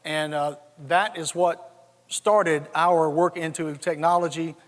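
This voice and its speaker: A Southern-accented man in his sixties gives a keynote full of folksy jokes. He often repeats a word as he starts a thought. His voice sits high for a man and carries a long reverb from a big hall. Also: steady tone, slow. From South Georgia, USA. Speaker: conference speaker. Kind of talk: storytelling keynote speech. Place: large conference hall.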